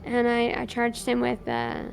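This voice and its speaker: A woman's voice: fairly high pitch, big pitch swings, unhurried, vocal fry, a little hiss or hum. A woman streamer playing a police officer in a roleplay, animatedly recounting events and acting out both sides of the dialogue. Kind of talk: in-character roleplay storytelling.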